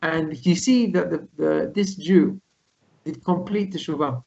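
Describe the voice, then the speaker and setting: A man's voice: on the high side, unhurried, vocal fry, dull audio. A man, a rabbi, telling a Torah story to his congregation over a video call, acting out the characters' lines as he goes. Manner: animated retelling, voicing characters' lines.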